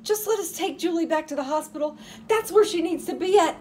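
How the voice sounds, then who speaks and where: A woman's voice: very high voice, fairly quick, darkish tone, a little hiss or hum, pitched above the performer's own voice. A woman reading the part of an earnest female caseworker, speaking urgently and pleadingly.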